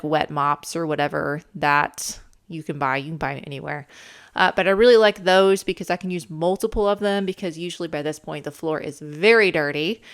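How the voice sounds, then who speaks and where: Young female DIY host, enthusiastic and casual, smooth low-pitched delivery. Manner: chatty, many ums, enthusiastic. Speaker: channel host, camper renovator. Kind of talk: casual voice-over narration.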